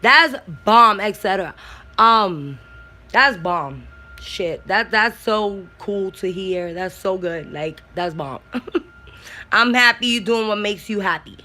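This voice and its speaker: A woman's voice: mid-range voice, takes it slowly, bright, forceful tone. Congested blunt woman on a livestream. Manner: blunt, swears freely, slangy. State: congested from a cold. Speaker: YouTuber on a livestream. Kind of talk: casual livestream chat, reading comments.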